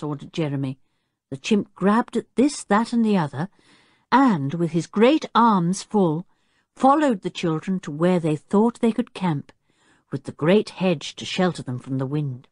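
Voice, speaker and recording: A woman narrating a children's audiobook, telling the story clearly and expressively while doing the characters' voices. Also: lowish voice, animated, moderate pace, darkish tone, dry recording, studio quality.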